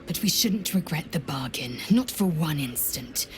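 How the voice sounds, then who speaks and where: A stern, low-voiced warrior woman. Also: expressive, a little slow, slight background noise. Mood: resolute. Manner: stern, clipped, martial. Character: fierce githyanki warrior woman, proud and blunt. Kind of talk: video game dialogue.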